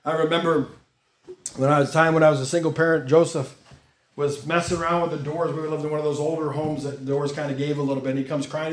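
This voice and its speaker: A middle-aged pastor with a notably high-pitched voice delivers a sermon. He reads scripture aloud and presses his points with emphatic rises in his voice. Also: flat delivery, quick pace.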